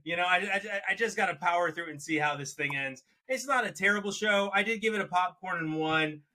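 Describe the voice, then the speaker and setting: A man co-hosting a podcast, giving casual reviews with frequent laughs and lively asides. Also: high-pitched, fairly quick. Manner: animated, laughs often, mocks accents in quotes. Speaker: podcast co-host.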